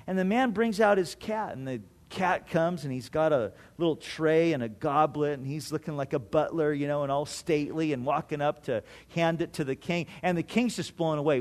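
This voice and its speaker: A man's voice: fairly high pitch, normal speed. A man preaching a sermon, telling a story and acting out the voices he quotes, repeating key points for emphasis. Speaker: pastor.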